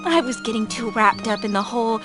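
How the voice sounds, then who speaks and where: An actress voicing a bubbly young woman in a video game who dreams of show business, with a giggly, breathy manner. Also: a little high, expressive, a little fast, over music, close to an everyday voice. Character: bubbly young woman, former bank teller, aspiring singer.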